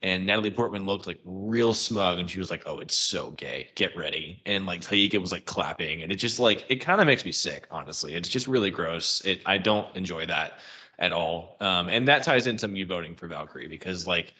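Podcast guy going off on a rant, swears a lot, bright forceful voice, kinda lowish. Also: a little fast. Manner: opinionated ranting with frequent swearing. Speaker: podcast co-host. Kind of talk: casual podcast chat.

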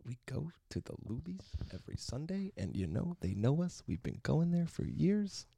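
A man's voice: fairly high pitch, sing-song, moderate pace, gravelly, dark tone, slight background noise, pitched above the performer's own voice. A man putting on a smug old sales professor. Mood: boastful. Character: smug older male sales professor bragging.

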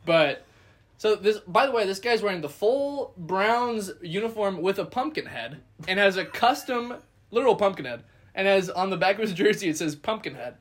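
Animated man telling a story, fairly high voice. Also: normal speed. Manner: animated, acts out quotes, laughs often. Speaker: podcast co-host telling a story. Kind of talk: casual chat, storytelling.

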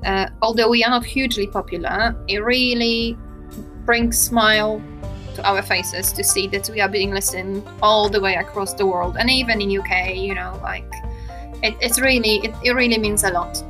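Bright-voiced woman podcast co-host. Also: mid-range voice, steady tone, moderate pace, faint music behind. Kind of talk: casual chat.

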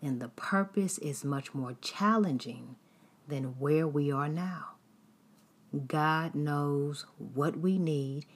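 A woman preaching an earnest devotional sermon, exhorting her listeners and often dropping into hushed, whispered phrases. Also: deep voice, takes it slowly, husky.

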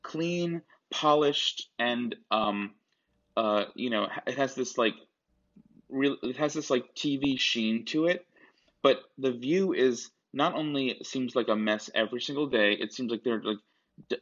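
A podcast co-host with a medium-pitched, fairly bright voice chats casually at a slightly slow pace, rambling through many restarts and asides. The recording has a dull lo-fi sound.

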